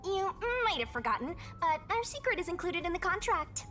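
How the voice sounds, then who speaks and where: A sly female death spirit from a video game, teasing and conspiratorial. The voice sits very high and leaps all over the place. Soft game music plays faintly beneath her. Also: sing-song, brisk, heavily acted. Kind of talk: dubbed video game dialogue.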